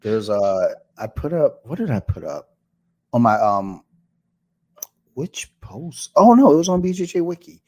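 A man's voice: medium pitch, sing-song, a little slow, darkish tone. A man hosting a podcast in casual chat, easygoing, laughing often and swearing casually. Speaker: podcast host.

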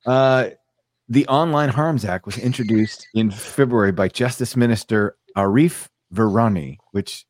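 A man's voice: medium pitch, a little slow. A man hosting a casual podcast, reading news aloud with a sardonic edge. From United States. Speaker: podcast host.

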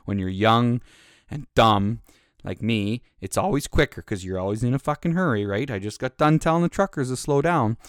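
A man's voice: mid-range voice, no echo, studio quality. A man who drives trucks telling a rambling, profane anecdote in a casual way.

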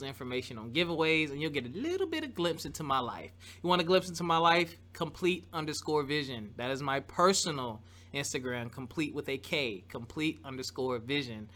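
An upbeat man hosts a casual podcast, his voice set a little high and ringing bright. He chats loosely and cheerfully with his guest and listeners. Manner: lively, upbeat, chatty with laughs. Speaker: podcast host.

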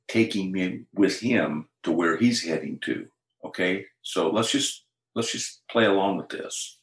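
A man's voice: low voice, echoey room, poor audio. An older man, a pastor, earnestly telling a personal faith story in conversation. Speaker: pastor, interview guest.

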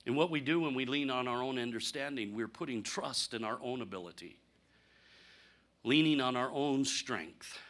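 A man preaching a conversational sermon, candid and humorous, asking rhetorical questions and swinging from punchy lines to near-quiet asides. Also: mid-range voice. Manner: animated, rhetorical questions, sudden drops to quiet; candid, self-deprecating humor. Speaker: pastor.

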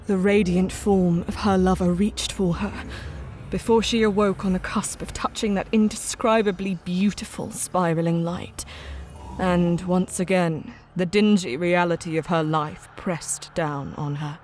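A woman reading a dark science-fiction short story as scripted narration, measured and somber. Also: on the low side, steady tone.

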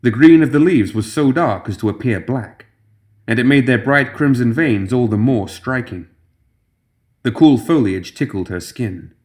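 A man reading a dark fantasy story aloud in measured, even scripted narration. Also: medium pitch.

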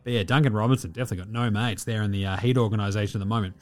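A man hosting a casual sports talk show, swearing freely and talking in a loose, animated way. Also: lowish voice, very fast, soft background music. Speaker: podcast host.

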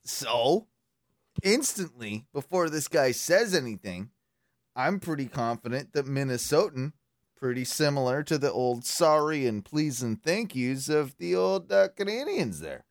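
A man's voice: fairly high pitch, lively intonation, measured pace, no echo, studio quality. A man co-hosting a casual reaction show, playful and jokey, often repeating himself as he talks. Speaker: co-host.

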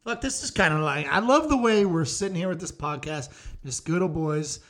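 A young man hosts a loose, casual podcast chat, spinning crude stories packed with swearing. He laughs often as he goes, and his voice sits a little high for a man. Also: animated, normal speed, a bit bright. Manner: profane, rambling storyteller, laughs often. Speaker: podcast host.

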